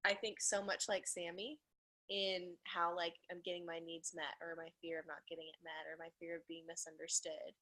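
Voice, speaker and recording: A woman's voice: on the low side, level tone, moderate pace, pushed and bright. A woman taking part in a video-call Q&A, asking earnest questions and reflecting on her own relationship. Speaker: webinar participant. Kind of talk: casual conversational Q&A.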